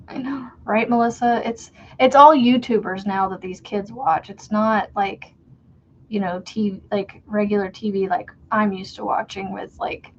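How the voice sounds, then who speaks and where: A woman's voice: medium pitch, fairly even intonation, a little slow, a little hiss or hum. A woman hosting a crochet livestream, chatting and rambling casually as she works and laughing at her own stories. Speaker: crochet livestream host and homeschool mom. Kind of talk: casual chat while crocheting. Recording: dull lo-fi stream audio.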